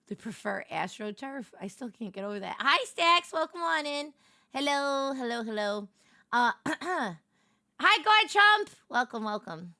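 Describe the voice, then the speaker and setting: A young woman streaming and greeting her viewers in casual chat, animated and swinging from soft murmurs to excited squeals. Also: fairly high pitch, slow pace, no room sound, clean studio sound.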